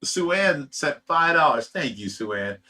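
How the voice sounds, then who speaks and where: A man's voice: on the high side, expressive, unhurried, pushed and bright. A man hosting a casual livestream from a fish rescue, reading viewer comments aloud, chuckling often and trailing off with "you know.". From United States. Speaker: livestream host reading chat.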